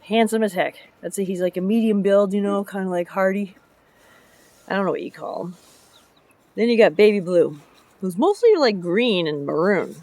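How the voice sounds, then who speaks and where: A woman talks casually for her vlog, rambling from one topic to the next in a chatty, loose way. Her voice sits at a middle pitch, and the sound is dry and close, with no room echo. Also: lively intonation, moderate pace, darkish tone. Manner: chatty, jumps between topics, laughs often. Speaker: vlogger and public works truck driver.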